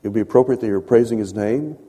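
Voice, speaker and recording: In a sermon delivered in a conversational way, a man repeats phrases to build his points, his mellow, slightly husky voice sitting on the low side and moving fast. He drops into soft asides and rises for emphatic lines. A long reverb makes it sound like a large hall.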